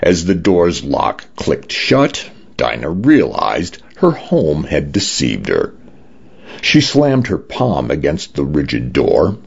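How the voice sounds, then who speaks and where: Very deep, creaky and slightly rough, this male voice belongs to a radio narrator reading science fiction stories aloud. The scripted narration comes through as a dull, lo-fi radio broadcast.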